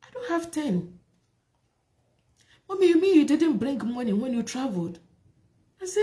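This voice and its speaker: A woman's voice: sits high, very animated, moderate pace, pauses often, warm tone. A woman sharing her personal life story, emotional and repetitive, with many rhetorical questions. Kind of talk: personal testimony talk.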